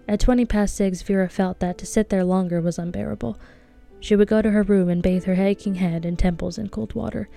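A woman reading a novel aloud, with a tense, hushed delivery of the characters' inner thoughts. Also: mid-range voice, gravelly. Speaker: audiobook reader.

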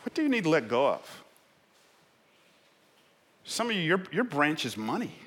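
A male pastor delivering an impassioned sermon in a church, swinging from quiet reflection to loud, shouted exhortation. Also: fairly high pitch, big pitch swings, moderate pace, husky. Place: church sanctuary in San Francisco. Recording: long hall reverb in a church.

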